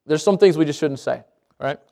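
High-voiced man preaching a sermon. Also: brisk, creaky. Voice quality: speaks around braces. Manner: animated preaching with asides and self-corrections. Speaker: pastor.

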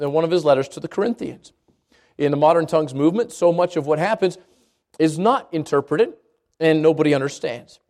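A man from Albuquerque preaching a sermon at a church service, moving between quick asides and slow, emphatic lines. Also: high-pitched, a little mellow. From Albuquerque, New Mexico. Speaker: pastor.

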